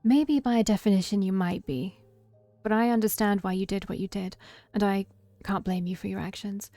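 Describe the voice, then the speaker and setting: A woman voicing a gentle young heroine, speaking softly and reassuringly with a slightly raised voice. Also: medium pitch, fairly even intonation, moderate pace, no echo, faint music behind, natural voice.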